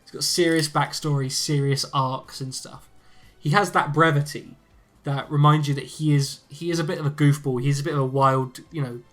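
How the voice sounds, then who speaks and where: Man, podcast co-host, bright higher voice, laughs and swears a lot. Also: fairly even intonation, normal speed, faint music behind. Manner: laughs often, swears casually. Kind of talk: casual podcast chat.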